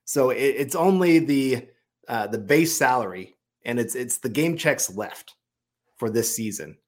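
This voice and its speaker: A man's voice: medium pitch, animated, unhurried. A man co-hosting a sports podcast, explaining his reasoning at length in a conversational way. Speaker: podcast co-host. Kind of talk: casual sports analysis.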